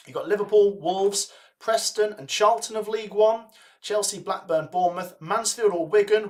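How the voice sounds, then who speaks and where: An upbeat young man hosts a live football watch-along with a slightly high voice. He keeps urging viewers to like and comment, and he rattles off long lists of club names read from the chat in casual, chatty bursts. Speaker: livestream host.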